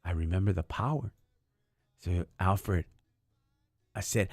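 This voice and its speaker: A man's voice: low-pitched, slow, pauses often, darkish tone, no echo, clean studio sound. A man hosting a live stream, telling stories in a slangy, casual and earnest way. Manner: slangy and street-casual, often says "dog" and "homie"; earnest, faith-focused. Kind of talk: casual storytelling chat.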